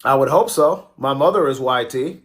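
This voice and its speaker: A man's voice: medium pitch, normal speed, fairly bright tone. A man hosting a casual livestream, joking, swearing freely and answering viewers' comments as they come in. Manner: profane, joking, reacts to chat. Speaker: livestream host.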